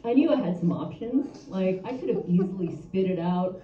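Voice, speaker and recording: A woman's voice: on the low side, lively intonation, normal speed, mellow. Crude, bold woman doing stand-up. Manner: bold, crude, conversational storytelling. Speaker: stand-up comedian. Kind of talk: stand-up comedy set. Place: brewery open mic, indoors. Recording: roomy, distant, dull, noisy live room.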